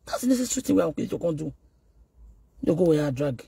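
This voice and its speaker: Nigerian guy scolding someone on camera, super husky, kinda high voice, dry sound. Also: big pitch swings, quick pace, dark tone, dry recording. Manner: scolding, taunting, code-switching into Yoruba. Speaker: online video host. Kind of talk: ranting message to a rival.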